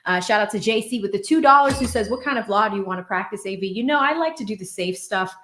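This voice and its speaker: A woman's voice: mid-range voice, fast, a bit bright, reverberant. A woman in her thirties from Boston, hosting a livestream of legal commentary and reading out viewer messages in a chatty way. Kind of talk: livestream commentary and chat shout-outs.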